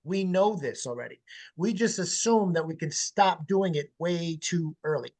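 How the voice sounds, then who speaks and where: A man with a notably high voice coaching parents on a webinar call. He talks in an animated, emphatic way, blunt enough to swear casually as he makes his points. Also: moderate pace. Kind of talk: webinar interview answers. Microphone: video call.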